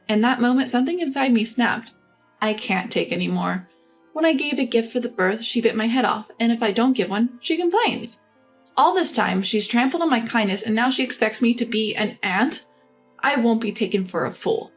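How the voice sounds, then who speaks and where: A woman telling a first-person story in a measured, matter-of-fact way. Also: on the high side, expressive, slightly rough. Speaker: narrator. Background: faint music.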